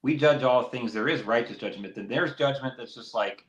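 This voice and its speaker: This faith podcast co-host has a medium-pitched voice at normal speed, barely pausing as he rambles earnestly and springs to life mimicking critics. The highs are cut off, and the room echoes.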